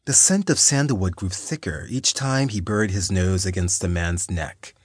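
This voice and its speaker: A man narrating an audiobook in a steady, measured storytelling manner. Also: sits low, husky, no echo, clean studio sound. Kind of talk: scripted narration.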